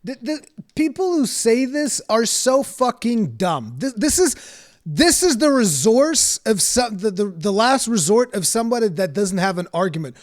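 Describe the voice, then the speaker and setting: A man's voice: high-pitched, sing-song, normal speed. A man streaming a reaction to a video, ranting in casual, profane commentary with frequent stumbles and restarts.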